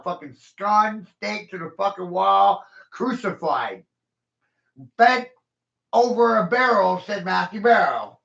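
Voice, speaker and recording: A man rants with heated profanity in a loose podcast conversation. His voice sits a little high. The recording is roomy and echoey, with a dull, lo-fi tone. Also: animated, slow, gravelly, fairly bright tone. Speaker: podcast host. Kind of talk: casual podcast rant.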